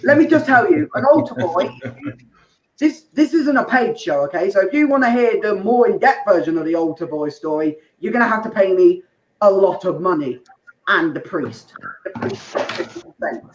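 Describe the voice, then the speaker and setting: Crude rambling comic in an echoey room. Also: male voice, high voice, animated, normal speed. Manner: crude, rambling storytelling with crowd asides. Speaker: stand-up comedian. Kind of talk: open mic stand-up set. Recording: echoey room, muffled dull sound, faint noise.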